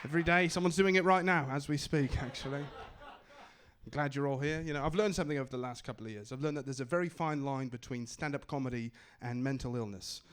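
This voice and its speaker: A man's voice: medium pitch, brisk, a bit bright, slight background noise. A young man doing stand-up in a put-on English accent, wry and self-mocking, on a comedy club stage with a handheld mic. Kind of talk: stand-up set.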